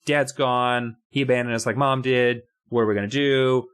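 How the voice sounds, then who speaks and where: A man's voice: medium pitch, steady tone, normal speed, fairly bright tone, smooth. A young man co-hosting a podcast, riffing in casual comedic chat, rambling and profane. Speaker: podcast co-host.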